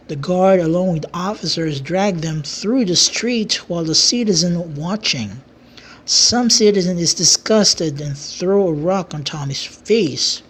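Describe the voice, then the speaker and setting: A narrator reading a homemade fantasy story slowly, with halting restarts, and doing all the characters' voices. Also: medium pitch, a bit bright, husky.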